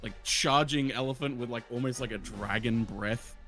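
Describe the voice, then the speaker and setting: A man's voice: mid-range voice, moderate pace, fairly bright tone, soft background music. A man rambling enthusiastically in casual chat, full of fillers.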